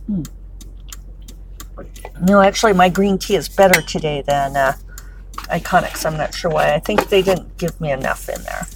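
A woman's voice: fairly low pitch, moderate pace, long pauses, noisy background. A middle-aged woman chatting casually while driving, wry and talkative with laughing asides. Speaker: author podcaster. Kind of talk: casual commute vlog. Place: in a car, driving.

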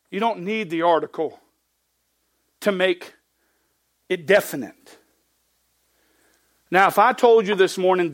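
A man's voice: sits high, animated, normal speed, pauses often, a bit bright, no echo. A man preaching a verse-by-verse sermon, reading scripture aloud with rising emphasis and dropping into plainspoken, folksy asides. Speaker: pastor. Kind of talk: expository sermon.

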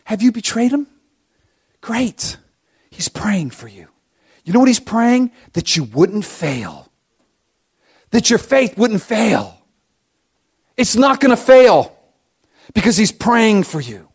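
A man preaching a sermon with passion, swinging between loud emphasis and hushed asides. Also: high-pitched, sing-song, slow pace, pauses often, husky. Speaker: pastor.

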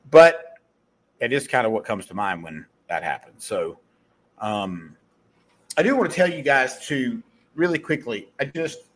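Animated, slightly husky Southern-accented man. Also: mid-range voice. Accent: Southern US, softened. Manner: blunt, profane, animated pep talk with self-corrections. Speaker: podcast host. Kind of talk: casual motivational monologue.

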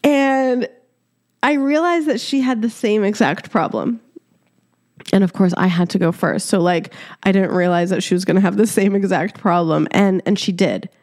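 A woman in her thirties, born in Egypt, hosting a solo podcast and telling a story in a lively, chatty way with frequent laughter. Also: on the low side, moderate pace, dry recording, clean studio sound. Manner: animated storytelling, laughing often, casual swearing; talks directly to listeners as "your girl". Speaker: podcast host.

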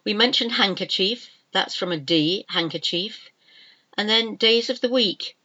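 Slow, careful older woman teacher. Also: mid-range voice, animated, bright, forceful tone. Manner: slow, careful, repeats each word several times. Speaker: English teacher. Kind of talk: spelling lesson, spelling words out letter by letter. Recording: dull lo-fi sound.

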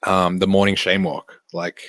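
A man's voice: sits low, fairly bright tone, dry recording. An Australian man, a fitness coach, telling a story in a casual, sweary way and laughing often.

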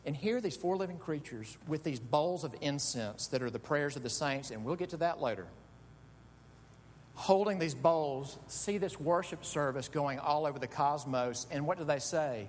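A middle-aged man preaching a sermon, telling stories with animated delivery that swings from quiet asides to loud shouts. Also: moderate pace. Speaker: pastor. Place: church sanctuary. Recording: echoey hall with faint rumble.

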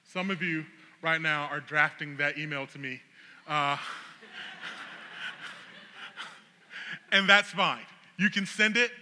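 A high-pitched man with a very bright, sharp tone tells an animated, humorous story as a sermon illustration. His voice rings out with the long reverb of a large hall, like a pastor preaching from a stage.

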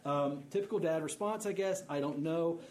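A man in his thirties preaching in a relaxed, conversational way, with joking asides. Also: on the high side, moderate pace. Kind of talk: sermon.

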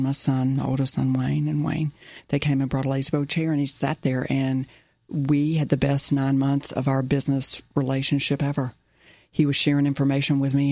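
Middle-aged woman, earnest interview storyteller, gravelly tone, dry close sound. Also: extremely low pitch, warm tone, no echo. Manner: earnest, repeats key phrases. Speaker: business owner guest.

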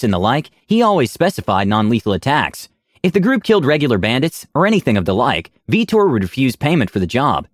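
A man's voice: medium pitch, no echo, clean studio sound. A man narrating a tabletop game story in a dramatic storytelling manner.

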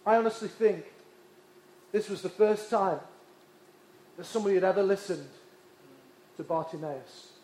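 A man from England, preaching with passionate, repeated emphasis that drops to hushed tones. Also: high-pitched, normal speed, pauses often. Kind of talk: sermon. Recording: echoey hall.

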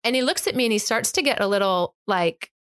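A woman's voice: fairly high pitch, expressive, fast, fairly bright tone, no echo, studio quality. An emphatic, impassioned woman telling a personal story as a guest in conversation, acting out the exchanges. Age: adult with an eight-year-old child.

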